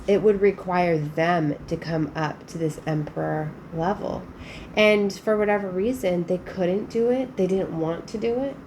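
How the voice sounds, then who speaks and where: A woman's voice: mid-range voice, a little mellow, slight background noise. A woman giving a casual spiritual tarot reading, chatty and emphatic, with frequent fillers. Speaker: tarot reader.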